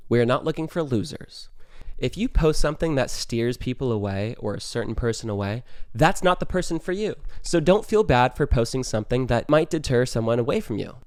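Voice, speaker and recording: A young man talks through dating tips in a casual, chatty monologue, leaning on "like" constantly and sometimes swearing as he rants. His voice sits at an ordinary pitch for a man. The recording is dry, with almost no room sound. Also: darkish tone, no room sound. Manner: chatty, heavy use of "like", swears when ranting. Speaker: podcast host.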